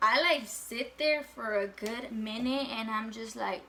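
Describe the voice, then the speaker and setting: Bright-voiced young woman telling a casual story. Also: fairly high pitch, measured pace, slight background noise. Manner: casual, full of fillers and swearing. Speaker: vlogger.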